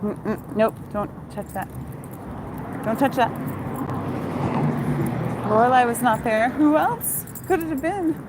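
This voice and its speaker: A woman's voice: a little high, lively intonation, slow, long pauses, very noisy. Chatty woman vlogging on a night walk. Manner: chatty, swears casually, laughs often. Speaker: vlogger and former TV costumer. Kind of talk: casual chat while walking dog, reading viewer questions. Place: outdoors on a town street at night.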